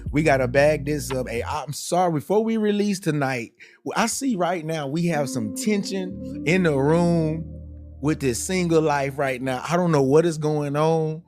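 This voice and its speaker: A man hosting a live stream, reading viewer comments aloud in a playful, animated way with lots of repeats and stammers. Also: on the high side, normal speed, soft background music. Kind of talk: casual live-stream chat.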